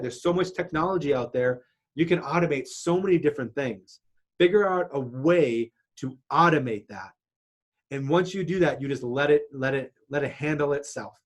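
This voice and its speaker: Guy running an online marketing lesson, kinda high voice, chatty storyteller, lots of ums and restarts. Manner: casual, storytelling with restarts and fillers. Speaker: marketing instructor.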